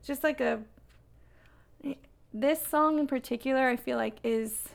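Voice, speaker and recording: Podcast co-host, female, gravelly and rambling, casual chat. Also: sits high, unhurried. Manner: rambling, many fillers and restarts.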